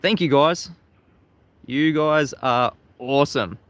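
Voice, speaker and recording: A man's voice: a little high, slow, fairly bright tone. A man with an Australian accent hosting a casual livestream. He talks chattily to his viewers, laughs often, and repeats words as he restarts his sentences. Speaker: livestream host. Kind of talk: casual live-stream talk, reading chat. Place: outdoors facing the sea at sunrise.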